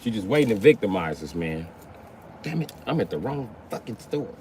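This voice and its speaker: A man's voice: sing-song, moderate pace, heavy background noise. A man ranting in a crude joking way on a live stream from a car. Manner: crude, joking, swings up and down in pitch. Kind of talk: rambling live-stream rant.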